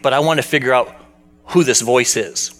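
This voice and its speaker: A man's voice: mid-range voice, normal speed, fairly bright tone. A man preaching a sermon in a conversational storytelling way, asking the congregation questions as he goes. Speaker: pastor.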